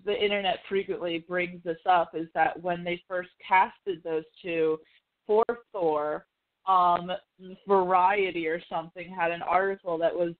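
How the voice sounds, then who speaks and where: In casual pop-culture chat, this female podcast host discusses films, swears freely and acts out quotes. She speaks at a measured pace with a voice on the low side and fairly even intonation, over tinny phone-like call audio.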